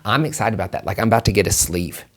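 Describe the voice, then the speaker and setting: A man's voice: lowish voice, very fast. A man hosting a solo podcast on tarot and numerology, talking emphatically with plenty of swearing, repeating his points and calling the listener honey. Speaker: podcast host and tarot reader.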